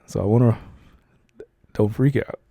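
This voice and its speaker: A young man in a whispered role-play as a comforting boyfriend, talking softly and slowly with hesitant fillers and reassurance. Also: fairly low pitch, fairly even intonation, gravelly, dry recording.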